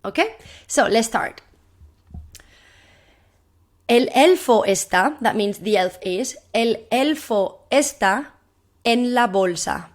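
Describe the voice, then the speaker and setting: A woman teaching a recorded classroom lesson, encouraging her pupils and repeating phrases slowly so they can echo them. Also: mid-range voice, expressive. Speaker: primary Spanish teacher.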